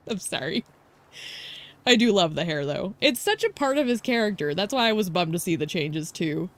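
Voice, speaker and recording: A woman's voice: medium pitch, very animated, a little slow, pauses often. A young woman streamer giving casual game commentary, gushing and giggly with playful drama.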